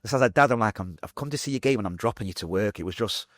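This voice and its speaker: A man's voice: fairly low pitch, no echo, studio quality. A man in his forties with a Manchester accent, a podcast guest candidly telling his life story, acting out quoted voices. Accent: Mancunian English. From Manchester, England. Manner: fast, animated retelling with acted-out quotes.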